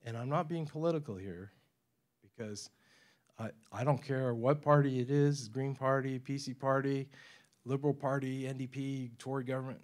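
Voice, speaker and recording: A man speaking at a public forum in a university lecture room. He tells stories in a lively way and often laughs. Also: medium pitch, normal speed. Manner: animated storyteller, acts out quoted voices, laughs often.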